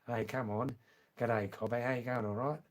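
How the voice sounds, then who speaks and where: A man's voice: medium pitch, steady tone, moderate pace, natural voice. A man putting on a cheeky working-class Australian bloke with a broad Australian accent, teasing with rising questions. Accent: broad Australian put on.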